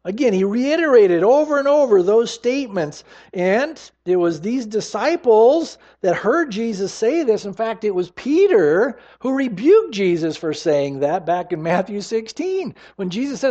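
Male pastor, high-pitched, emphatic sermon delivery, muffled recording. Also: sing-song, dark tone. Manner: emphatic preaching, slows down to stress scripture lines.

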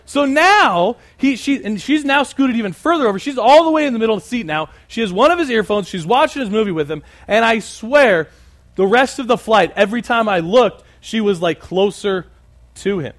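Man, preacher, sermon, high voice, lively pitch, chatty asides. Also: normal speed. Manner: animated, conversational, many asides. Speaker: pastor.

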